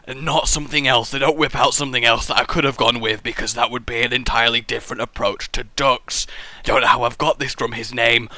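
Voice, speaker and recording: A man hosting a building contest and giving live game commentary, full of goofy rambling tangents and excitable outbursts. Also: medium pitch, no room sound.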